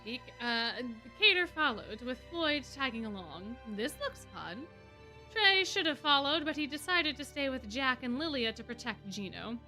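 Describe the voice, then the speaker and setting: A woman streamer reading fan fiction aloud in an expressive way. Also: sits high, moderate pace, hardly any pauses, faint music behind. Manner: expressive, laughing asides.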